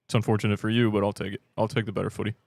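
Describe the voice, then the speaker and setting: A man's voice: on the low side, little pitch movement, rapid-fire, gravelly, a little mellow, no room sound. A British man hosting a fan livestream, chatting casually and joking as he answers viewer comments. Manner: rambling and joking, self-deprecating, with many restarts. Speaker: fan channel livestream host.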